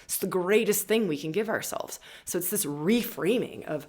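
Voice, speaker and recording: Woman, forties, low voice, gravelly, fervent, swears freely, casual astrology talk. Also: animated, normal speed, hardly any pauses. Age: 40s. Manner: fervent, swears freely, keeps asking "right?". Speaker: astrologer and membership host.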